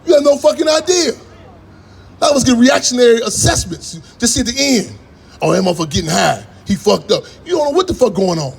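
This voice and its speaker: A man delivers a fiery political talk in a very high voice. He talks fast and spins rambling, profane stories. The crowd calls back to him as he goes. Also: animated, vocal fry, slightly rough. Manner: profane, rambling storytelling with call-and-response. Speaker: activist speaker.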